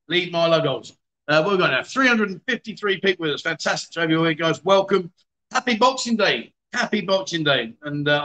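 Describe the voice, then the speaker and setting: A man's voice: a little high, sharp tone, poor audio. A man hosting a casual livestream, hungover, greeting viewers by name in a chatty, self-mocking way. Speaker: livestream host.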